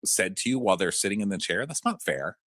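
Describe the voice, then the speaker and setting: A man co-hosting a casual recap chat, animated and laughing, acting out quotes in high shrieks. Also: quick pace, dry recording, studio quality. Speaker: podcast co-host.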